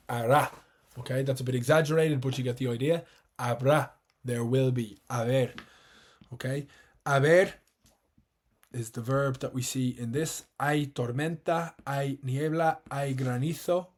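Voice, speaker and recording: A man's voice: medium pitch, darkish tone. Irish man teaching a patient lesson. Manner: clear, patient explaining, repeating words slowly. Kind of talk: online exam-prep lesson.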